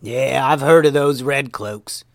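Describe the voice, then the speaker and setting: A man's voice: mid-range voice, measured pace, vocal fry, no echo, studio quality, pitched above the performer's own voice. A man voicing an easygoing male ninja master with a folksy drawl. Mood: thoughtful.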